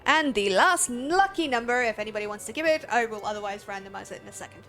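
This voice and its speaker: A young woman from Australia streaming a game, chatting casually with viewers, excitable, laughing often and swearing freely. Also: on the high side, fast, soft background music. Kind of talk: casual live-stream chat.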